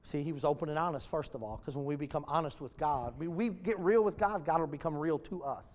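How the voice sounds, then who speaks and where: A high-strung man preaching a sermon to a congregation, swinging from loud bursts to hushed, near-whispered lines. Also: fast talker, big-room sound.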